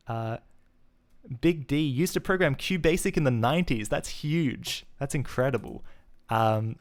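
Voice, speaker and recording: A man from Adelaide with a mild South Australian accent and a mid-range voice chats casually with viewers on a live stream. He thinks aloud as he works through code, with frequent fillers and restarts.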